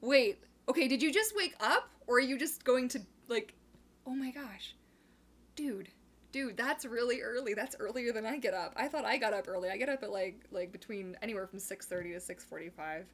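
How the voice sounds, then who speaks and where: A woman's voice: on the high side, expressive, fairly bright tone. Bubbly young Canadian woman chatting live. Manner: bubbly and rambling, quick laughs, reads viewer comments aloud. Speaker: livestream host. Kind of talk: casual live chat.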